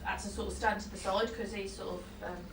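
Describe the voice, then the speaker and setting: A woman's voice: mid-range voice, steady tone, quick pace, fairly bright tone. A woman working as a psychic medium, giving a chatty reading to a live audience. She laughs often and breaks off with apologetic asides. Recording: roomy hall, distant mic, faint noise.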